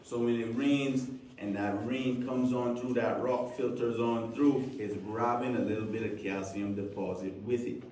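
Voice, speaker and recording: A man with a Caymanian accent guiding an outdoor cave tour, joking, lively and full of local slang. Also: medium pitch, a little slow, few pauses, distant mic, a little hiss or hum. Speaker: tour guide. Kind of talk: guided tour talk.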